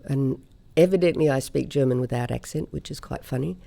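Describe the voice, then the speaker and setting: A woman from Australia, a singer, telling stories in a relaxed interview chat. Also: a bass voice, fairly quick, gravelly. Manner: chatty anecdotal storyteller, laughs often. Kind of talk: conversational interview storytelling.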